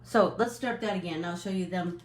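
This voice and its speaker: A middle-aged woman hosting a casual live stream, chatting in a friendly, rambling way with many fillers and quick apologies. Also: fairly low pitch, roomy sound.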